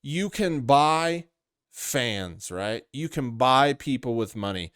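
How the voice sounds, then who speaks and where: Man with a smooth voice giving rambling commentary. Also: mid-range voice, expressive, slow, fairly bright tone, no room sound, studio quality. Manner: rambling, opinionated, full of fillers. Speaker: commentary channel host. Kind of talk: commentary monologue.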